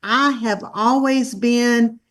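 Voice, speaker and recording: A woman's voice: fairly high pitch, steady tone, takes it slowly, a bit bright. A woman in her fifties with a Southern US drawl, a guest speaker chatting effusively on a webinar. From Charlotte, North Carolina. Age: 50s. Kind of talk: casual webinar chat.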